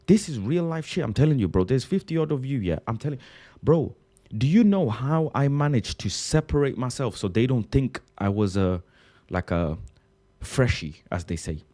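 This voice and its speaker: A man's voice: mid-range voice, moderate pace. A young man from Bangladesh with a British accent, doing a slangy comic monologue with bursts of laughter. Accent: British English. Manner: animated, slangy, keeps saying bro, bursts of laughter. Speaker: comedian.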